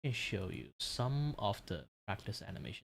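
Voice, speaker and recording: Low-voiced relaxed man streaming. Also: normal speed, vocal fry. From Malaysia. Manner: relaxed, rambling and explanatory. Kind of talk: casual live-stream chat while drawing.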